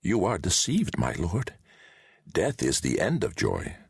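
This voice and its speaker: A man voicing an old male wizard who speaks with calm, patient insistence, raising his voice to a higher pitch. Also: measured pace, gravelly, breathy edge, dry recording, studio quality, exaggerated voice. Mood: calm, insistent.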